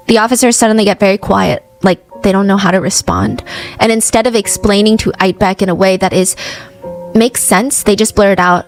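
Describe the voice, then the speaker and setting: A woman's voice: medium pitch, fairly quick, soft background music, low-quality recording. A woman hosting a true crime show, retelling the case in a chatty, casual way and acting out quoted lines.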